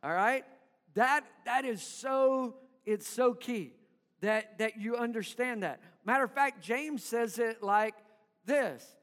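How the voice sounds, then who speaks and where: A man's voice: very high voice, slow, a bit bright, long reverb tail. A man preaching a sermon to his congregation in church, calling for responses and having them repeat after him. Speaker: pastor.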